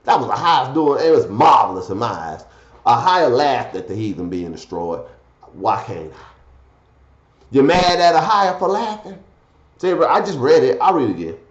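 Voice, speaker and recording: A man preaching a fiery scripture sermon, swinging from loud declaiming to low muttered asides. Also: sing-song, moderate pace, reverberant, dull audio.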